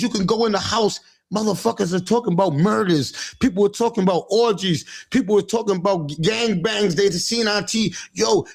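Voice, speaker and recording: Man, high voice, raspy fry, blunt profane livestream monologue, stumbling restarts, fatherly. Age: adult father. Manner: blunt, profane, repeats himself with many restarts. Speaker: livestream host giving parenting talk. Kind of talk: casual street-talk monologue. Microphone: livestream setup.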